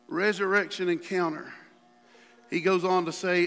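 High, bright-voiced impassioned male preacher. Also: moderate pace, long pauses. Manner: impassioned preaching, swings from hushed to shouting. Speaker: pastor. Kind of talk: sermon. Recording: long hall reverb.

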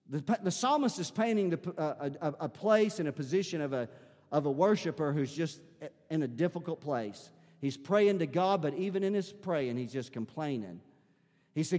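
A pastor with a notably high voice delivers a sermon, moving between scripture reading and fervent, rising prayer. His voice rings out with a long reverb from a large church hall. He pushes toward shouted appeals as he preaches. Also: expressive, moderate pace. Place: church sanctuary.

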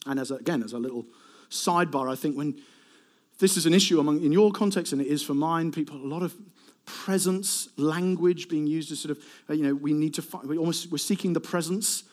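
A man preaching a lively sermon to a congregation. His voice sits a bit high for a man, and he talks in an animated, conversational way, stepping aside now and then to speak to the people in front of him. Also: a little fast. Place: warm hall with a live congregation.

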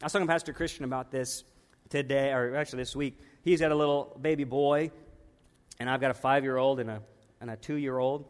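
A man's voice: mid-range voice, steady tone, fairly quick, clean tone, big-room sound. A man in his thirties preaching a sermon in a church, conversational and emphatic, repeating his points.

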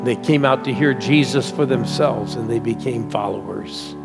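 A man's voice: medium pitch, normal speed, gravelly, over music. A male pastor preaching a sermon and leading the congregation in prayer they repeat after him.

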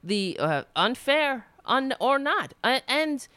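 A woman's voice: high voice, sing-song, slow pace, pushed and bright, no room sound. A woman from New York with a New York accent, hosting a political talk radio show, blunt and indignant, swearing freely and restarting her sentences.

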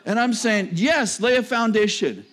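A man preaching a sermon in a conversational way, with joking asides and sudden drops to a low register. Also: a little slow, a bit bright. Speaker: pastor.

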